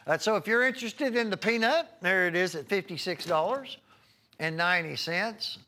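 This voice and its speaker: With a high, sharp, animated voice at a moderate pace, this man hosts a live TV shopping broadcast. He rambles in a folksy way while rattling off item numbers and prices.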